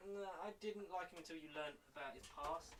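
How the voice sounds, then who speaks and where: A man's voice: a little high, fairly quick, noisy background. A man co-hosting a podcast, recapping plots in a rambling way, full of "like" and restarts. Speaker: podcast co-host. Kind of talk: casual chat.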